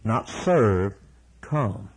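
A man's voice: on the low side, animated, extremely slow, breathy edge, poor audio. A man preaching a sermon, emphatic and repeating key words, then closing in a prayer.

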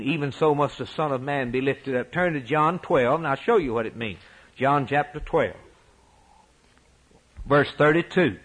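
A man preaching a sermon at a church service, impassioned, swinging from loud high peaks down to low, quiet lines. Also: husky, low-quality recording.

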